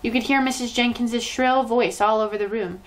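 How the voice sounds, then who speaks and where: A woman storyteller reading a children's novel aloud in an expressive, lively way. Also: fairly high pitch, moderate pace, rough recording.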